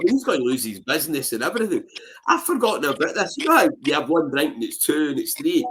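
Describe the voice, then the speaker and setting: A Scottish man telling anecdotes in a casual interview, animated and full of "you know what I mean" fillers. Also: medium pitch, a little hiss or hum. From Scotland. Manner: animated, acts out voices in his anecdotes. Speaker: interview guest.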